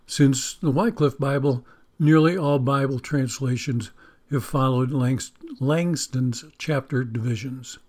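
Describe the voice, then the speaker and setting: Slow, folksy man preaching. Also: medium pitch, darkish tone. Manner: slow, folksy, joking about English spelling; leads a spoken prayer. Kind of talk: Bible teaching sermon.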